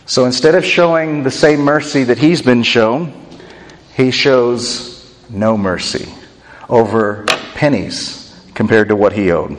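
A man's voice: medium pitch, slow pace, big-room sound, a little hiss or hum. A man preaching a sermon, retelling a story and acting out its voices expressively. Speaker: pastor.

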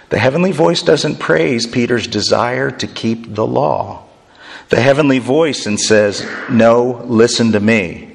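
A man giving a sermon in an animated, joking way, acting out the lines he quotes. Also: medium pitch, gravelly, long reverb tail. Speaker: preacher.

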